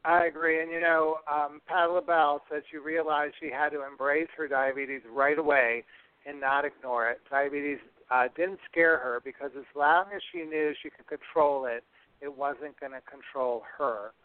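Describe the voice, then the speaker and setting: A man's voice: on the high side, fairly even intonation, moderate pace, smooth, dry recording. A man hosting a podcast in a chatty, casual way, often tripping over his words. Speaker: podcast host. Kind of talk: casual radio-style hosting. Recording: tinny phone-like line.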